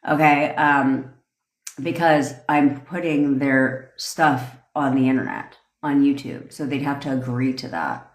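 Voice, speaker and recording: A woman's voice: a bass voice, a little slow, roomy sound. A woman who coaches manifestation, chatting loosely on a livestream, swearing and laughing often between rambling points. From North America. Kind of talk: casual livestream chat.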